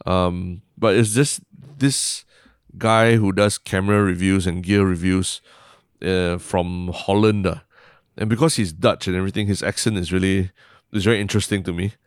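A young man with a Singaporean English accent chats loosely on a podcast, his voice sitting very low. He rambles and restarts, dropping "lah" and "like" as he goes. The sound is close and dry. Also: steady tone, normal speed, no room sound. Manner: rambling, self-interrupting, frequent "lah" and "like". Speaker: podcast co-host. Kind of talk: casual podcast chat.

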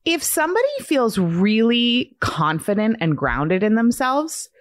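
A woman's voice: on the high side, big pitch swings, unhurried, no echo, studio quality. A woman in her forties co-hosting a podcast, talking in an earnest, reflective way with many fillers. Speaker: podcast co-host. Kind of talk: casual podcast chat.

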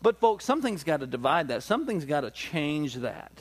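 A man's voice: a little high, sing-song, brisk. A male pastor preaching a sermon with emphatic repetition and rhetorical questions.

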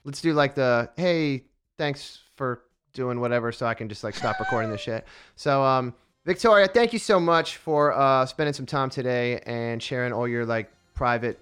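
A man hosts a casual podcast interview, relaxed and a little rambling, often poking fun at himself. His voice is smooth and clear at a middle pitch. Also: moderate pace, soft background music. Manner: easygoing, rambling, self-deprecating. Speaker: podcast host.

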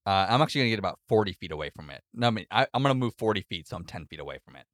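A tabletop game player describing their moves, thinking aloud in a lively, expressive way. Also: deep voice, racing, no room sound, clean studio sound.

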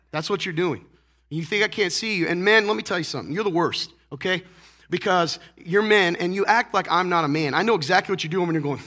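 Man preaching, hoarse and stuffy, bright forceful voice, playful and teasing, lots of rhetorical questions. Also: on the high side. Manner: joking, teasing the congregation, many rhetorical questions. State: hoarse, congested. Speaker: pastor. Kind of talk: casual conversational sermon. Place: church sanctuary.

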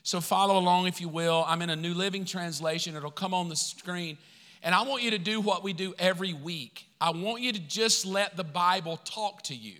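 Pastor, male, high bright voice, animated sermon delivery, long church reverb. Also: moderate pace. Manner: animated preaching, swings from loud to quiet.

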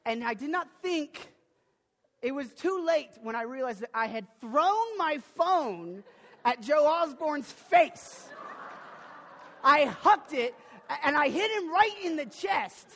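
High-voiced young man preaching in a hall. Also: slow pace. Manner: animated, with sudden loud bursts and many restarts. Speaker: pastor. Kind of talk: sermon with personal storytelling. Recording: long reverb of a large hall.

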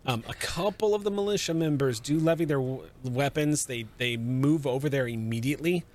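A man narrating and running a tabletop game as game master, in calm, measured scene narration. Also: medium pitch.

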